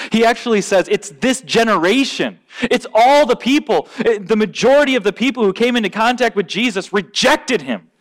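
A man preaches a sermon emphatically, often repeating words as he restarts, his pitch and volume rising at points.

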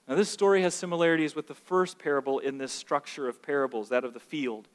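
A man with a fairly high voice delivers a sermon in a large church, his words trailing off into a long hall reverb. He preaches with animation, now and then mimicking the whiny voice of a child who protests. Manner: animated, acts out quoted voices of complaining children. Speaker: pastor. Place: church sanctuary.

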